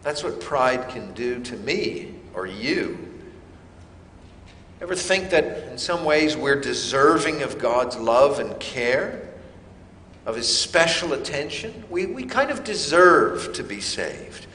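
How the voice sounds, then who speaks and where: Slow, emphatic male preacher. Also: medium pitch, very animated, bright, forceful tone, echoey room, long reverb tail, a little hiss or hum. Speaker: pastor. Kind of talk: sermon.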